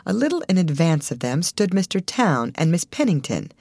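A woman reading a classic novel aloud as an audiobook narrator, in an expressive scripted narration. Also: on the low side, normal speed, no echo, clean studio sound. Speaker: audiobook reader.

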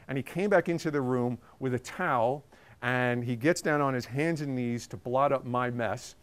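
Man, journalist, casual storytelling, smooth resonant voice, chatty with filler words. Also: medium pitch. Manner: chatty, with many ums and uhs. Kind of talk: casual anecdote telling.

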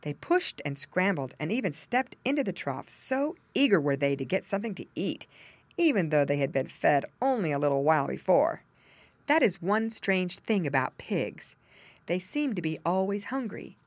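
A woman narrating a children's storybook, with gentle asides explaining things to young listeners. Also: sits low, no room sound. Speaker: audiobook narrator.

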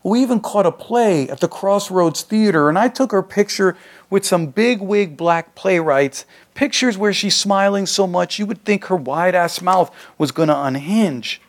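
A man reads his own fiction aloud in a loose, conversational first-person voice. The delivery is streetwise and unpolished, like someone talking to his friends. His voice sits a touch high for a man. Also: lively intonation, unhurried. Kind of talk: live reading of a short story.

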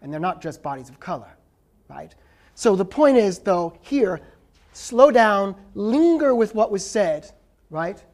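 A man's voice: sits high, very animated, a little slow, darkish tone. An emphatic male professor delivers a lecture to a live audience, pressing his points and fielding questions. He keeps checking in with his listeners, tagging his points with a questioning "right?".

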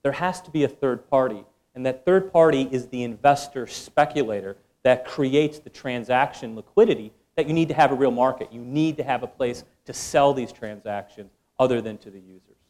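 A man's voice: mid-range voice, moderate pace, darkish tone. A man speaking as a panelist, laying out his points in a firm, structured way. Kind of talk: panel discussion.

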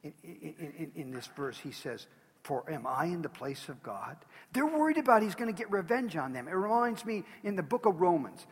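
Male pastor, sermon, husky tone, slightly high voice, long echo of a large hall. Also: big pitch swings, normal speed. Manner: earnest, emphatic preaching with pleading rises.

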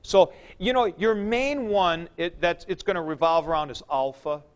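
Patient high-voiced man teaching a class. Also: normal speed, smooth. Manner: patient, explanatory, repeats key points. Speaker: Greek teacher. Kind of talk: classroom lecture.

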